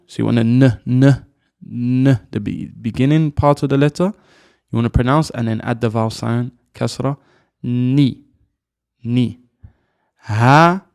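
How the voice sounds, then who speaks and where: Slow gravelly man teaching pronunciation. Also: mid-range voice, no room sound, studio quality. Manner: slow, deliberate, repeats sounds for the learner. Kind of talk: pronunciation lesson.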